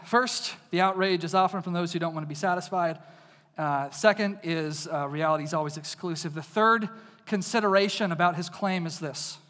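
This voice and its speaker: Male preacher from East Texas, high voice, casual and jokey, big echoing hall. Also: a bit bright. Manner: casual, jokey, addresses the crowd directly. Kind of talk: conversational sermon with personal stories. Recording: long reverb of a large hall.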